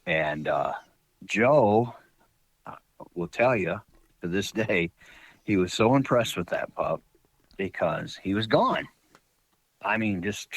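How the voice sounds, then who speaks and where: A man's voice: deep voice, very animated, a little slow, long pauses, breathy edge, no room sound, rough recording. A man guest on a podcast, telling hunting-dog stories in a rambling, folksy way with lots of fillers. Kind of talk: casual storytelling.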